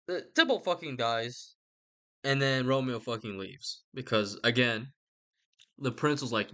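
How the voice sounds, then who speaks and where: A man's voice: medium pitch, unhurried, pushed and bright. A man giving a rambling, sweary comic retelling with lots of asides. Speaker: vlogger.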